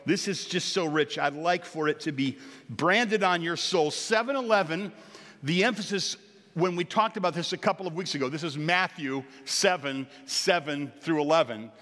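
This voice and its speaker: A man's voice: a little high, moderate pace, a bit bright, long reverb tail. An older man preaching as a pastor, earnest and exhorting, lifting his voice on key points. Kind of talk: sermon.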